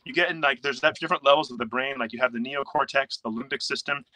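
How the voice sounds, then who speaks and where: A young man speaking as a coach in a casual interview, rattling along at a fast clip. His voice is bright and forceful. He is animated and slips into quoted inner voices as he explains. The recording is dry and close. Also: medium pitch, no echo, poor audio.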